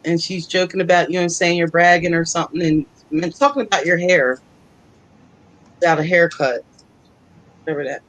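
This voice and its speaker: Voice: mid-range voice, rough recording. Chatty psychic co-host, mid-range voice, laughs easily while passing on spirit messages. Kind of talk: casual live psychic reading.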